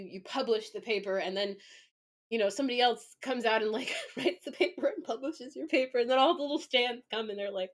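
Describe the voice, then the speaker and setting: A woman streamer reading an academic article aloud and commenting on it in a casual, animated way, often breaking into laughter and mock outrage. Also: medium pitch. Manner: casual, full of likes and you-knows.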